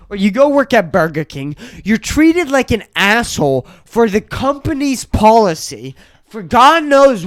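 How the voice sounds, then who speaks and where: A young adult podcast host with a medium-pitched voice rants angrily and profanely on a solo episode, sometimes breaking into shouts.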